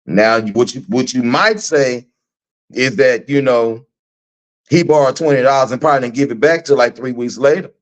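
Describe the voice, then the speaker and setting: A man's voice: mid-range voice, normal speed. A middle-aged man from Texas, ranting animatedly and profanely to his live-stream audience, repeating himself for emphasis. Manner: animated, repetitive, preachy and profane. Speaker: host.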